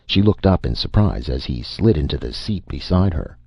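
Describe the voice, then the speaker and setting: A man narrating a short story as an audio drama reading, with a steady storytelling manner. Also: very deep voice, normal speed, vocal fry, breathy edge, no echo, lo-fi sound.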